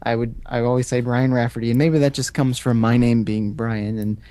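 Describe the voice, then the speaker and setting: A man's voice: mid-range voice, little pitch movement, fairly quick, warm tone. A young man on a video call in a casual podcast chat, telling stories with hesitant fillers. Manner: storytelling, thoughtful, hesitant fillers. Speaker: co-host joining by video call.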